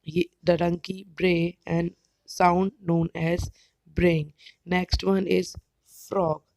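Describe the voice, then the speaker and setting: A woman teacher with an Indian English accent, explaining slowly and carefully, sometimes spelling words out letter by letter. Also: on the low side, level tone, creaky, a little mellow, dry recording, low-quality recording. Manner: careful, spells words out, brief animal imitations. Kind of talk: slow educational explanation.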